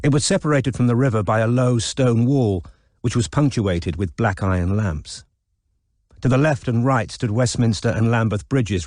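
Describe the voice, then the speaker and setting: A man narrating an audiobook in a measured, expressive reading. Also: lowish voice, no echo, studio quality. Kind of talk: scripted narration.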